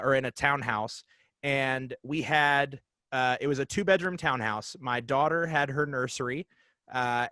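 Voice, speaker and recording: A man in his forties, a podcast guest, telling a story casually and haltingly with many fillers and restarts. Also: medium pitch, a bit bright, clear, resonant tone, no room sound.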